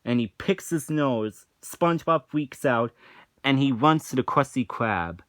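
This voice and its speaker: A man's voice: medium pitch, lively intonation, unhurried, dry recording. A man giving a casual spoken review, rambling with many restarts and sounding unimpressed and dismissive. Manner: rambling, frequent restarts and filler "like".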